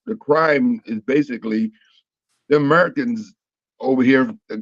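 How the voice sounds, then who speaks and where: A man's voice: mid-range voice, moderate pace, no room sound, lo-fi sound. A man, a comedian, talking casually and rambling with lots of fillers and restarts. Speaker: comedian guest. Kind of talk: casual panel chat.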